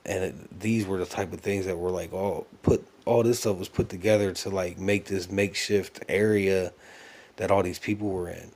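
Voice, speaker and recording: A man's voice: low-pitched, fairly even intonation, moderate pace, a little mellow. A man casually recounting a dream in an earnest, reflective way, with many fillers, restarts and searching for words.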